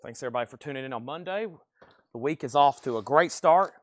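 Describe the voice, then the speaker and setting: A man running a livestreamed record sale, calling out bids and prices in brisk auctioneer-style bursts. His voice is mid-pitched and the sound is dry and close, though he drifts away from the mic as he moves around the shop. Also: expressive, dry recording. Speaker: live sale host. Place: record store.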